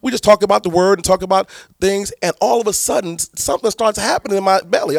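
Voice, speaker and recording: Emphatic preaching pastor, dry sound. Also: male voice, high voice, fast talker, gravelly, no room sound. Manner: emphatic, repetitive, many restarts. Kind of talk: preaching-style teaching to church leaders.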